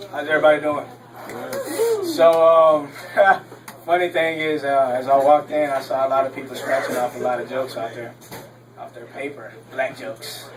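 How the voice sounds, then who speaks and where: A man's voice: medium pitch, distant mic, rough recording. A young man from Texas doing a stand-up comedy set on a club stage, rambling with lots of ums and laughing at his own jokes.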